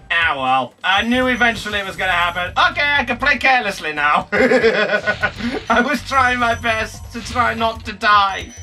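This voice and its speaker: A young man giving jokey, excitable let's play commentary, yelping and swearing as he plays. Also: high-pitched, moderate pace, far from the mic. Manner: excitable, jokey, swears, bursts into yelps and shouts. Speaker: gaming YouTuber. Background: game music.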